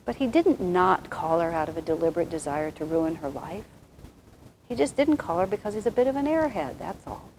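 A soft-spoken woman giving a reflective, rambling spiritual talk, with many restarts. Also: lowish voice, expressive, brisk, slight background noise, poor audio.

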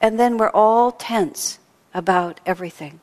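A woman's voice: medium pitch, unhurried, darkish tone. Woman giving a talk in a reverberant hall. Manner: storytelling with laughter and acted-out quotes. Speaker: spiritual speaker. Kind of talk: sermon. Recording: long reverb of a large hall.

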